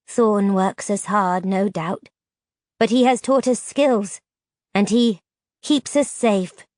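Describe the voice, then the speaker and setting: A woman's voice: mid-range voice, slow pace, darkish tone, dry recording, clean studio sound, lightly acted. A woman voicing a solemn male creature covered in grass, who speaks formally and measuredly, in a fantasy audiobook.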